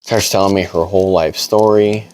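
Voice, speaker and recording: Low-voiced man rambling through a story. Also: fairly even intonation, moderate pace, a little mellow, rough recording. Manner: rambling, laid-back, heavy on "like". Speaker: client telling a story. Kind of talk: casual storytelling. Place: barbershop.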